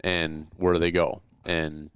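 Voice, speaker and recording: A man's voice: sits low, level tone, unhurried, fairly bright tone, clean tone, no echo. A man hosting a podcast, talking in an easygoing, thoughtful way as he asks questions. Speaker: podcast host. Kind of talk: casual podcast chat.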